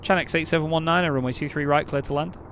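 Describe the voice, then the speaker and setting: A man from England streaming an air traffic control game, chatting casually between crisp, clipped radio instructions. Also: a little high, fairly even intonation, fast, a bit bright. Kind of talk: casual live-stream chat mixed with radio calls.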